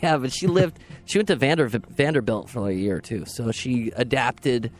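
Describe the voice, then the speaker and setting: A man's voice: mid-range voice, normal speed. A man co-hosting a podcast as its producer, laid-back and jokey in casual chat. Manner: laid-back, jokey, does silly voices. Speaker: co-host, producer.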